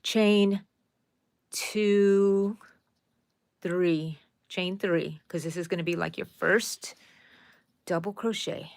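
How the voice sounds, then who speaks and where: Woman, crochet tutorial host, lower voice, chatty and folksy, dry close mic. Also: fairly even intonation, very slow, long pauses, darkish tone, dry recording. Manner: chatty, talks to viewers as y'all, counts stitches aloud.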